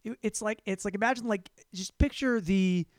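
A man's voice: sits high, normal speed, no room sound, clean studio sound. A young man hosting a comedy podcast, telling a crude, rambling story and repeating words for laughs.

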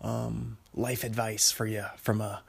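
A man's voice: lowish voice, level tone, a little slow, gravelly, slightly rough. A young man from Washington State talking in a casual, rambling monologue, full of fillers and frequent laughter at his own jokes. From Washington State, USA. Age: young adult. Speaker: monologue talker.

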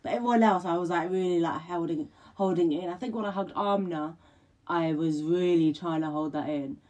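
A woman, co-hosting a podcast in casual chat, giggling awkwardly and rambling quickly. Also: fairly low pitch, dark tone. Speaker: podcast co-host.

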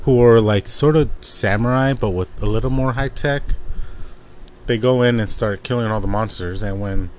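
A man's voice: lowish voice, moderate pace, darkish tone. A man casually recapping a comic book plot, rambling with lots of fillers and restarts.

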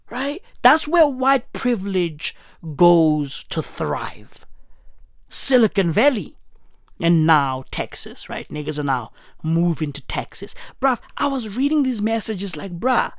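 A woman's voice: mid-range voice, dry recording, clean studio sound. A woman delivering a profane, mocking rant full of slang, often tagging on questions. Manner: profane, mocking, slangy, keeps asking right?. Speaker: commentator. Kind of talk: ranting commentary.

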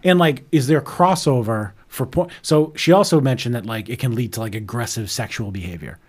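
A man's voice: medium pitch, a little fast. Man musing with lots of "like". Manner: filler-heavy, lots of "like". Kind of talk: casual chat.

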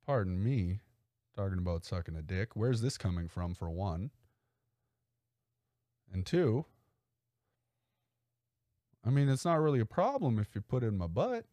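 A man putting on a breathy flirty woman. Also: on the low side, very animated, unhurried, long pauses, dark tone, no echo, studio quality. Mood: indignant, suggestive. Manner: blunt, suggestive.

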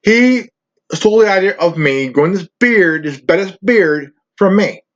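This man hosts his own channel, where he rants profanely in a rambling, stammering vlog. His voice is high and a bit bright, with lively intonation and an unhurried pace, recorded dull and lo-fi.

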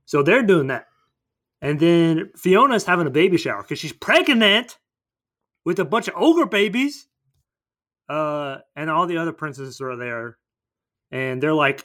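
A man rambles through a movie plot in casual podcast chat, slipping in quick character voices. His voice sits a little on the high side for a man. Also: expressive, a bit bright. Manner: rambling storytelling, acting out characters. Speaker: podcast co-host.

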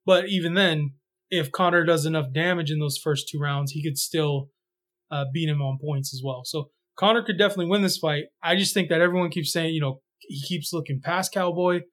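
A man with a slightly raised pitch talks through his picks on a casual sports podcast. He rambles, restarts his sentences and fills the gaps with "uh" and "you know.". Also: a little fast. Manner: relaxed, rambling with many fillers and restarts. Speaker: podcast co-host.

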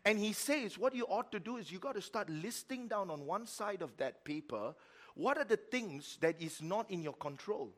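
A middle-aged man preaching a sermon as pastor, telling a story with emphatic repetition and sudden swings between loud and quiet. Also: sits high, animated, normal speed. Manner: repeats words for emphasis.

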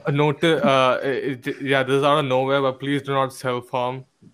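A man's voice: mid-range voice, flat delivery, moderate pace, fairly bright tone, slight background noise. A young man co-hosting a podcast in a casual chat, blunt, joking and profane. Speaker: podcast co-host.

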